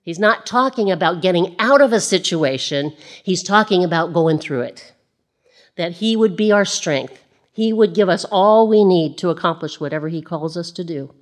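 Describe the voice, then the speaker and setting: A woman preaching a sermon, chatty with self-deprecating asides, slowing down to read verses aloud. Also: on the low side, animated. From Illinois. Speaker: Bible teacher.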